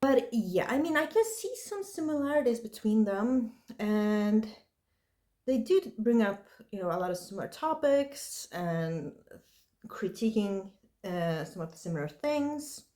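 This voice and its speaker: Woman rambling about horror movies, lots of like and you know, mid pitch. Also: big pitch swings, unhurried, mellow. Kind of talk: casual chatty review.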